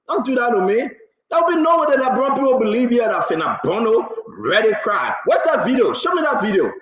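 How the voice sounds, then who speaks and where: A man hosting a political talk show, excitable and mocking, laughing often and repeating his words. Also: sits high. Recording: roomy, dull lo-fi sound.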